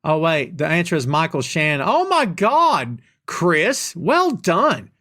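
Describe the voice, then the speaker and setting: A man's voice: a little high, wildly swooping pitch, takes it slowly, sharp tone. A man with a Southern US accent hosting a live question-and-answer podcast. He rants emphatically and casually, repeating lines for effect. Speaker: podcast host.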